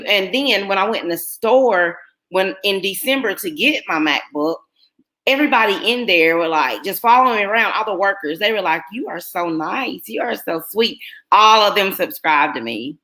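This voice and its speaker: A woman's voice: medium pitch, pushed and bright. A middle-aged woman, chatting casually with viewers on her live stream and telling rambling stories full of fillers. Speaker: YouTuber hosting a live stream.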